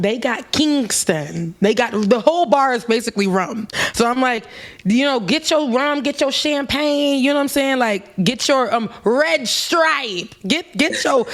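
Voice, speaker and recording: Animated woman telling a travel story. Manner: animated, mimics people with raised pitch. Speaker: co-host. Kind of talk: casual storytelling chat.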